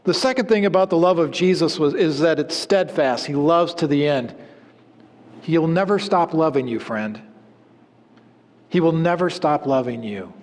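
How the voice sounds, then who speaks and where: A man preaching a sermon in an earnest way, his voice dropping low at the ends of phrases. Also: big-room sound. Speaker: pastor.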